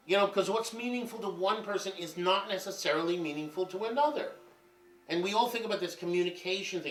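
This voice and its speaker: A man in his fifties rambles through profane, animated stories in a candid monologue. His voice is high-pitched and fairly quick, and the recording sounds roomy and distant from the mic, with slight background noise.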